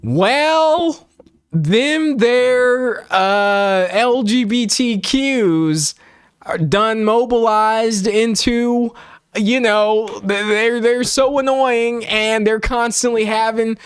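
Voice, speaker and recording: A man's voice: extremely slow, clean tone, no room sound, clean studio sound, exaggerated voice. A man voicing a bigoted middle-aged Southern conservative man in an exaggerated put-on Southern accent, mocking and drawling. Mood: sneering. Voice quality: mocking, drawling parody, higher than his own voice.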